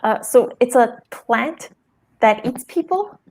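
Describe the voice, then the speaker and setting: A woman comedian on a comedy game show, making a wry, deadpan pitch with dry asides. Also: slow pace. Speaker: comedian panelist and co-host.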